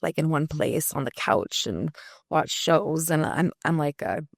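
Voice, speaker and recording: Woman guest, low gravelly voice, reflective and candid, dry close sound. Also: lively intonation, a little slow, dry recording. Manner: candid, reflective, many fillers. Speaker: musician guest. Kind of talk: casual interview talk.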